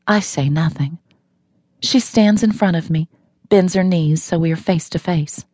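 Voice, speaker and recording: A woman's voice: on the low side, measured pace, dark tone, no echo. A woman narrating a novel in the first person, wry and matter-of-fact, recorded in a studio. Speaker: audiobook narrator.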